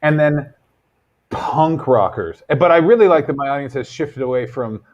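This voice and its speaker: A man's voice: medium pitch, normal speed, highs cut off. A man co-hosting a stream as a comedian, chatting casually in a loose, rambling, profane way. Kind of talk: casual chat.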